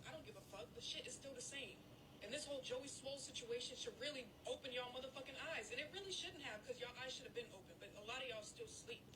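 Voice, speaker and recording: Woman ranting in fury, voice breaking; high-pitched, distant noisy recording. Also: quick pace. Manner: furious, profane, voice breaking. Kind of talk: angry social media rant. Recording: distant with loud background noise.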